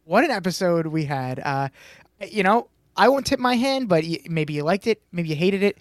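High-voiced chatty male podcast host. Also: big pitch swings, no echo, studio quality. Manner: chatty, quick to laugh, rambling restarts. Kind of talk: casual recap chat.

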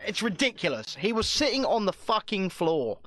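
A man's voice: high voice, big pitch swings, normal speed, fairly bright tone, dry recording, studio quality. Ranting, sweary man. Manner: ranting, sweary, repeats himself. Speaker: podcast co-host. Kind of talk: casual political chat.

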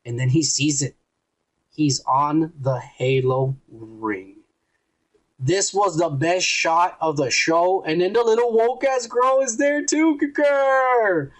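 A man's voice: a little high, slow. A man hosting a podcast, retelling a TV episode in a profane, rambling way with lots of acted-out quotes. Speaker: podcast host. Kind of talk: casual recap of a TV episode.

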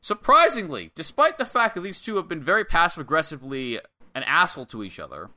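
A man's voice: fairly high pitch, very animated, fast, sharp tone. A young man co-hosting a casual podcast, rambling through a play-by-play recap and acting out little quotes. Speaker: wrestling podcast co-host.

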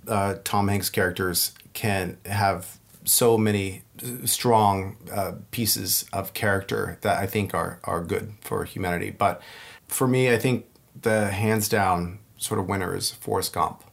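Animated, laughing man telling stories. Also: on the low side, a little slow, vocal fry. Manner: animated storyteller who laughs often and acts out movie lines. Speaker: podcast guest. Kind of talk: casual chat.

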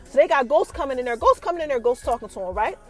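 A woman's voice: sits high, quick pace, faint music behind. A woman hosting a podcast, recapping a TV episode in casual, slangy chat and hyping suspense for her listeners. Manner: animated, hyping suspense with repeated questions to listeners; slangy, colloquial storytelling. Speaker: podcast host reviewing a TV episode.

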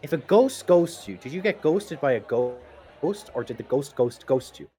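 A man's voice: medium pitch, expressive, moderate pace, dark tone, husky. A man co-hosting a casual podcast, playful and giggly, swearing freely. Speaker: podcast co-host. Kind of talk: casual banter.

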